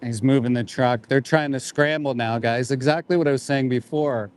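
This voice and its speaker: A man's voice: mid-range voice, normal speed, clean tone. A man in his forties, an activist livestreaming outdoors by a roadside, speaking in a somber, indignant way with short repeated phrases. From Canada. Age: 40s. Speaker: animal rights activist livestreaming. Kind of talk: live outdoor commentary.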